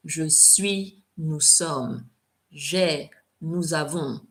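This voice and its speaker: A woman French teacher in a live question-and-answer session, chatty and relaxed, with many fillers and carefully spoken French examples. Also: low-pitched, very slow.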